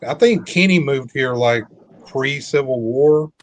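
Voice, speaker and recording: Southern guy in his 50s, long-haul trucker, rambles along in a relaxed chat. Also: medium pitch, unhurried, no room sound. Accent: mild Southern US, shifting. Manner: chatty, rambling, easygoing. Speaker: truck driver guest. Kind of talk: casual live-stream chat.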